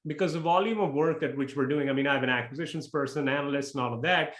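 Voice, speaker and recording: A man giving frank, blunt interview answers as a real estate investor, talking in quick bursts. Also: fairly high pitch, a bit bright. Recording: echoey room.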